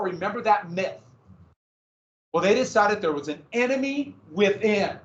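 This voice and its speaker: A male history teacher lecturing a class in a lively manner, with sarcastic asides to his students. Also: sits high, unhurried. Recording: echoey, distant, dull classroom recording.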